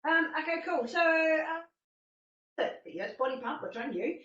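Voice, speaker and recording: Woman coach telling a story, fairly high voice, sounds far off in a roomy space. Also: measured pace. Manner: expressive, acts out her own panicked thoughts. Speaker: fitness instructor and masterclass speaker. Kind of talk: animated personal storytelling talk. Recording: distant, echoey and dull-sounding.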